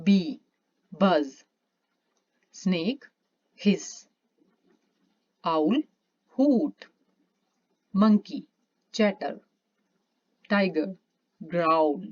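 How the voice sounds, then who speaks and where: A woman reads an English vocabulary list one word at a time, with long pauses between words. Her voice sits low for a woman and is very unhurried. The recording sounds muffled and lo-fi. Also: expressive, darkish tone. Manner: slow, deliberate word-by-word naming. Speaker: English teacher.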